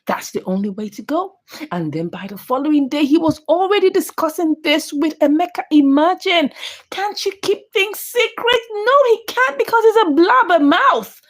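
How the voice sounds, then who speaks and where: A woman recapping a drama film for viewers, scolding the characters in animated, exclamatory commentary. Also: very high voice, normal speed. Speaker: movie reviewer.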